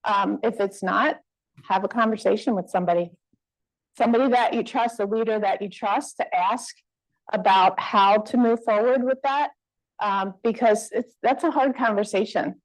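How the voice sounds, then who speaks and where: Captured on a rough recording, a woman speaks at a moderate pace in a mid-range voice during the Q&A after her conference talk. She answers the audience conversationally in the conference room, restarting sentences and using fillers.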